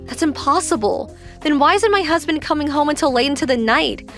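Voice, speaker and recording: A woman's voice: sits high, lively intonation, fairly quick, a bit bright, soft background music. An actress voicing a worried, protective young wife who confronts her husband's boss insistently.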